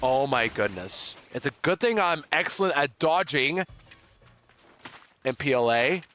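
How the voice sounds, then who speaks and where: A young man streaming a game live, chatting with viewers and loudly overreacting to surprises. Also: mid-range voice, lively intonation, measured pace, a little hiss or hum.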